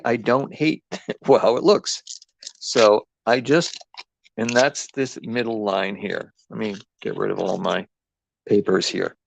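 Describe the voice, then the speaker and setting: A man's voice: medium pitch, dry recording. A man with an East Coast accent hosting a live craft demo, rambling and chatty with lots of ums and restarts. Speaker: craft host.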